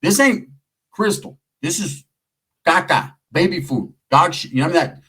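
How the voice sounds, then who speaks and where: A middle-aged man from California spins a story in loose, profane street slang. His voice sits fairly high for a man and has a husky, rough edge. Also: expressive, unhurried, pushed and bright, low-quality recording. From Merced area, California. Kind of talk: casual storytelling.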